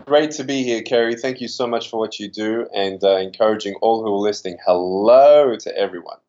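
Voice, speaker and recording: A man's voice: fairly low pitch, steady tone, quick pace, darkish tone, muffled recording. A man with a slightly Americanized Australian accent, speaking earnestly and with animation as an interview guest. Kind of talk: interview conversation.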